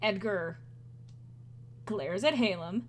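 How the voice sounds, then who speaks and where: A woman narrating a tabletop game as game master, casual and halting with fillers. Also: medium pitch.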